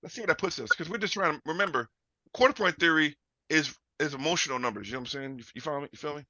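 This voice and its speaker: A man teaching a live trading lesson, loud and profane, constantly firing questions at his audience. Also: fairly high pitch, racing, no echo. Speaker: trading instructor. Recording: dull lo-fi audio.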